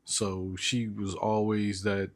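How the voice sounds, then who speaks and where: A man's voice: on the low side, flat delivery, takes it slowly. A man co-hosting a podcast in a laid-back casual chat, often using filler phrases. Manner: laid-back, uses frequent verbal fillers. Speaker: podcast co-host.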